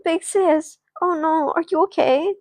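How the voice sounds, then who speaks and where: A woman's voice: high-pitched, measured pace, creaky, dry recording, pitched above the performer's own voice. A woman voicing an earnest, caring little girl in a doll play story. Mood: alarmed. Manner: earnest, worried. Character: earnest good little schoolgirl.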